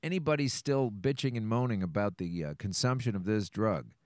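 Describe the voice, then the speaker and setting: Male podcast host, casual blunt commentary, lively up-and-down pitch, dry close sound. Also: fairly quick, no echo. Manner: blunt, swears, lively intonation.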